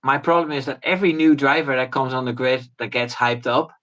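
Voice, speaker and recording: A man's voice: mid-range voice, flat delivery, brisk, a bit bright, poor audio. A man talking as a guest in a casual chat, rambling with fillers and false starts. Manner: rambling, many fillers and restarts, mimics people in quotes.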